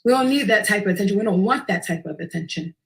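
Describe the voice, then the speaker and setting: A woman, telling a personal story in a profane, intense and animated way. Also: medium pitch, fast, creaky. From Queens, New York. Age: early 20s.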